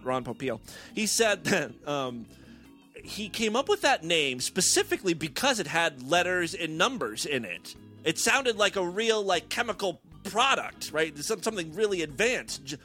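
A man hosting a comedy show, reading news stories aloud and breaking off into profane, sarcastic riffs. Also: on the high side. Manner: profane, sarcastic, animated, riffing asides. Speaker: comedy podcast host. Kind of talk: irreverent comic news reading.

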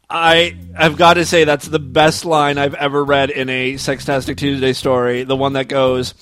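A man's voice: medium pitch, flat delivery, moderate pace, hardly any pauses, fairly bright tone. A man hosting a podcast, reading a listener's story aloud and breaking off for wry asides. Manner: wry asides between read passages. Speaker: podcast host.

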